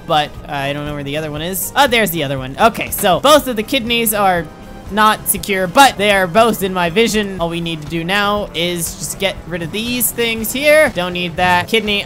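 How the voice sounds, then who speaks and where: A man giving excitable gameplay commentary, frantic, exclaiming and laughing at himself as he plays. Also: high voice. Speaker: gaming commentator.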